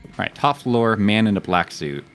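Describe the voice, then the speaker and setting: A man's voice: on the low side, lively intonation, moderate pace, fairly bright tone. A male streamer giving chatty, jokey gaming commentary and swearing freely. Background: faint game music.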